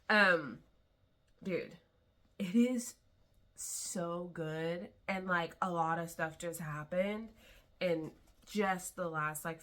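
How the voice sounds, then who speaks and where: A young woman with a bright, forceful tone and a slightly low pitch talks through a casual book review. She rambles eagerly, full of fillers and restarts, clearly excited about what she is reading. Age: young adult. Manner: enthusiastic, rambling, filler-heavy. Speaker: vlogger.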